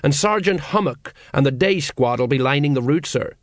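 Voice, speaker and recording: A man's voice: a little high, expressive, moderate pace, no echo, clean studio sound, lightly acted. A man reading an audiobook, voicing a sheepish, evasive middle-aged watch sergeant who talks colloquially. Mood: dutiful.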